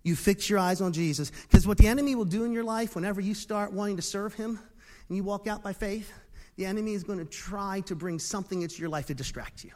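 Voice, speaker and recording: A high-pitched man in his fifties preaches, and his voice rings with long reverb through a church sanctuary. He swings between hushed, almost whispered lines and loud, animated bursts. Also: fast talker. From Philadelphia, USA. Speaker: pastor. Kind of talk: sermon. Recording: long reverb of a large hall.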